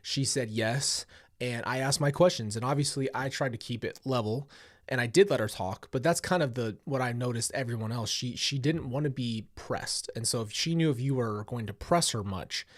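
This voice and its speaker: A chatty man hosts a casual reaction show at an average pitch. He drifts into tangents as he talks. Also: normal speed. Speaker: host.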